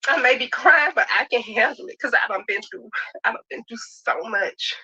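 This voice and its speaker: A middle-aged woman telling a personal story in an emphatic, rapid, heartfelt way. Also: a little high, sharp tone, husky. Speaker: reality show cast member. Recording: dull lo-fi clip audio.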